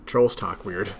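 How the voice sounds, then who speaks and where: A man's voice: fairly low pitch, gravelly, husky. A young man casually reading a webcomic aloud, with giggly, amused asides. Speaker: reader of a webcomic. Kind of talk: casual read-along commentary.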